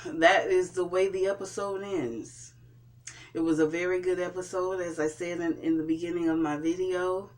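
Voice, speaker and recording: A vlogger recapping and reviewing a TV episode in a casual way, pausing often and restarting sentences. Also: mid-range voice, flat delivery. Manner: hesitant, with frequent fillers and restarts. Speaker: TV show reviewer.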